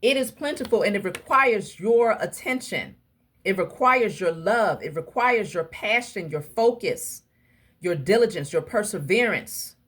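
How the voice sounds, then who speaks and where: A woman giving a casual tarot reading to her viewers, talking emphatically and in a preachy way straight to them, with a husky voice. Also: medium pitch, lively intonation, a little slow, fairly bright tone. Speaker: tarot reader.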